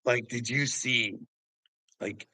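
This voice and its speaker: A man's voice: mid-range voice, takes it slowly, pushed and bright, dry recording, low-quality recording. A man who vlogs, ranting profanely and laughing with scorn. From Canada. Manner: angry, swearing, laughing scornfully. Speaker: vlogger.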